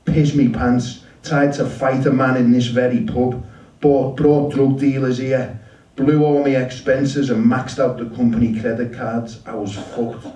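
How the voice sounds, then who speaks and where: Man voicing a friendly loud American guy, sober for years, higher voice, calls everyone buddy, echoey room, distant mic. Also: flat delivery, unhurried, close to an everyday voice. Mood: earnest. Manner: upbeat, familiar, calls people buddy and dude. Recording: roomy shop, mic at a distance.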